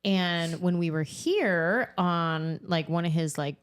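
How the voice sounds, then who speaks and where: A woman in her forties, a comedian guest on a podcast, telling stories in a casual, animated way and laughing often. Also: lowish voice, slow, clean tone. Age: 40s. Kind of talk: casual storytelling chat.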